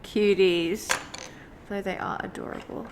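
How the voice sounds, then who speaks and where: The voice is a woman's, mid-range and fairly even in intonation, delivered at a measured pace over a noisy background. She's a young illustrator and vlogger doing a loose sketch-and-chat at her home desk near a sunny window, rambling with plenty of "like" fillers.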